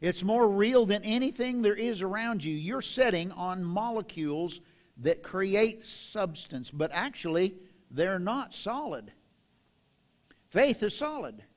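An older man preaching a sermon in a church, reading scripture with slow, dramatic emphasis. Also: sits high, lively intonation. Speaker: pastor. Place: church sanctuary.

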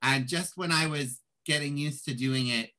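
Bright-voiced, chatty joking man. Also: fairly high pitch, moderate pace, rough recording. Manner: chatty, joking, self-deprecating. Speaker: composer and writer, guest. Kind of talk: casual interview chat.

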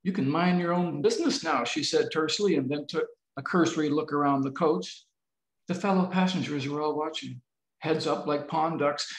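A novelist reading his novel aloud in a measured, expressive way over a video call. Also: fairly high pitch. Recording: roomy video-call audio.

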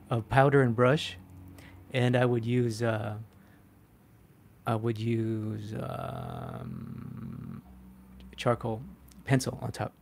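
Man, art instructor on a live stream; chatty, animated, self-mocking, filler-heavy. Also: medium pitch, gravelly, a little hiss or hum. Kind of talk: live-stream drawing demo, answering chat.

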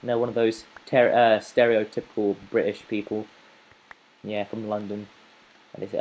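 A man's voice: fairly low pitch, flat delivery, moderate pace, darkish tone, a little hiss or hum, low-quality recording. A man giving playful, rambling let's play commentary as a gaming channel host, chatting to the animals in his game.

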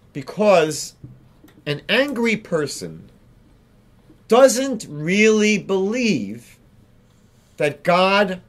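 Rabbi guy teaching slow and clear, voice goes up and down a lot, kinda high. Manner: slow and deliberate, repeats key phrases. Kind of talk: storytelling lesson.

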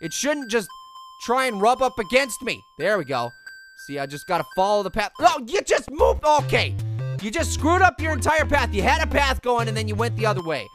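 A man voicing a nerdy, easily frustrated talking pear in a comedic cartoon gaming skit, exasperated and yelling whenever he loses. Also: very high-pitched, big pitch swings, a little fast, faint music behind, full character voice. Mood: grumbling. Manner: exasperated, yelling when losing.

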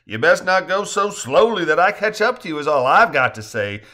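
A boisterous, boastful husband, as a male storyteller plays him, loud and raised above the reader's own voice. His speech swings up and down with lively energy and a bright edge. It comes from a storybook reading. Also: a little high, moderate pace, pitched above the performer's own voice. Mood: excited.

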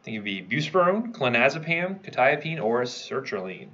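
A man's voice: medium pitch, sing-song, normal speed, a bit bright, slightly rough, muffled recording. A man teaching a pharmacology review class, quizzing students and checking in with "right?" as he goes. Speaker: pharmacology instructor. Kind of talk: review lecture.

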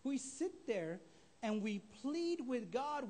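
A man preaching a sermon as pastor, emphatic and rising to shouts. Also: very high-pitched, very animated, takes it slowly. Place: church sanctuary. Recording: live stream in a reverberant church hall.

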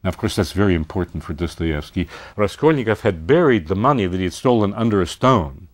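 A man's voice: sits low, expressive, fairly quick. A man giving a university literature lecture, speaking expressively and posing rhetorical questions.

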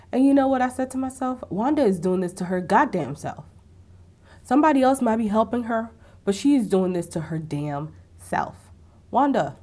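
A woman's voice: medium pitch, normal speed. A young adult woman giving a casual, sassy recap of a TV episode, acting out the lines she quotes. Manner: animated, sassy asides and acted-out quotes. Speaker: TV recap vlogger. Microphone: ring-lit camera setup at home.

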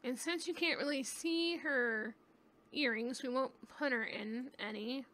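A woman's voice: high voice, a little slow, fairly bright tone. A woman giving casual, chatty gameplay commentary at home on a webcam mic, thinking aloud as she goes. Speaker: gaming YouTuber.

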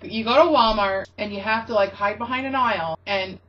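A woman's voice: medium pitch, fairly quick, muffled recording. A woman co-hosting a comedy web show, chatting casually and rambling through jokey anecdotes.

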